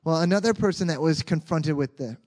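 A man preaching a sermon as a pastor in a conversational, animated way with frequent restarts. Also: fairly high pitch, fairly quick.

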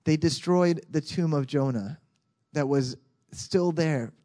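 Mellow-voiced pastor preaching. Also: male voice, a little high, slow. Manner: conversational, animated, with frequent restarts. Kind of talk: sermon.

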